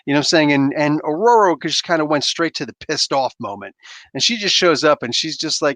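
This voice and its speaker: Excitable slangy man hosting a comic review. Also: a little high, fairly quick, dry recording. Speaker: comic book review host. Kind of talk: casual live comic review chat.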